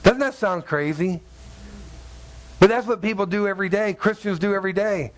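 Male pastor with a high voice; preaches like chatting with friends, jokes and plays out little exchanges. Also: moderate pace. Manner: humorous, acts out dialogue in voices. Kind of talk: conversational sermon.

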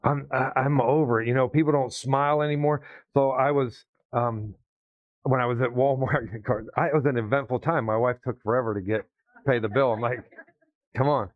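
A man preaching in a casual, storytelling way, acting out what people said. His voice sits at a middling pitch. The recording is dull and lo-fi, with little room sound. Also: fairly even intonation, moderate pace, dry recording. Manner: storytelling, conversational, acts out quotes. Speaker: pastor. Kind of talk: sermon story.

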